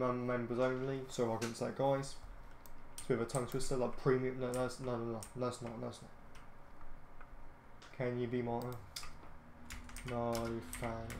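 A man's voice: mid-range voice, level tone, moderate pace, a little mellow, a little hiss or hum. A British man hosting a gaming channel, giving casual gameplay commentary full of ums and restarts, easily irritated and grumbling. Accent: British English. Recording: roomy echoey home recording.

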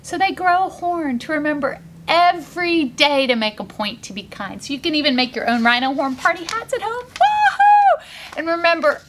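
A woman's voice: sits high, a little fast, few pauses, a little hiss or hum. A woman author reading her picture book aloud to children, coaxing them to join in with sounds and actions. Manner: animated, coaxing kids to join in.

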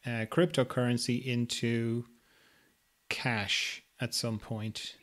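A man hosting a podcast interview in a relaxed way, summarizing what his guest says and checking in with her. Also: medium pitch, takes it slowly. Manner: easygoing, summarizes and checks in with "yeah?". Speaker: podcast host. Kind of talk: casual interview chat.

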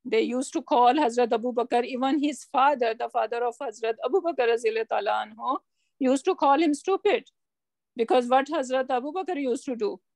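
High-voiced woman teaching grammar. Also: a little fast, gravelly, a little mellow, no room sound. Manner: patient, explanatory, checks understanding with questions. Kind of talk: online class lesson.

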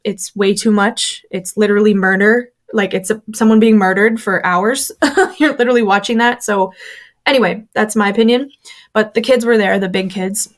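A woman with a medium-pitched voice speaks at a moderate pace as an interview guest, a former church member. She tells a personal story candidly, using lots of fillers and acting out the voices of the people she quotes.

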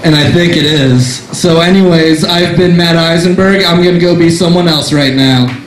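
Young man, stand-up comic, slightly high voice, rambling and self-deprecating, echoey cafe room, faint hiss. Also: normal speed. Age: young adult. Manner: rambling, self-deprecating, many fillers and restarts. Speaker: stand-up comedian. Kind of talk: stand-up storytelling. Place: small cafe comedy room. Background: audience laughter.

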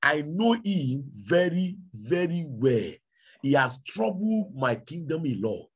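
A preacher voicing a gloating male devil in a sermon story, slow and drawn-out with a raspy voice. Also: a little high, very animated, heavily acted.

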